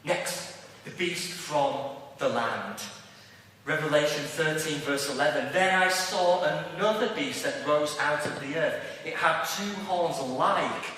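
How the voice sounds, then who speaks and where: Man, Liverpool accent, sermon, slow and emphatic, bright forceful voice, rhetorical questions, very echoey church hall, distant mic. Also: a little high, a little hiss or hum. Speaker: preacher. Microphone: distant room mic.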